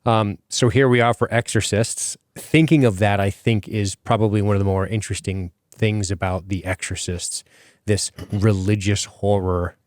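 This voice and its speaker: A man's voice: lowish voice, fairly even intonation, normal speed, no echo, studio quality. A man hosting a podcast in casual chat, rambling with many fillers and casual swearing. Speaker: podcast host.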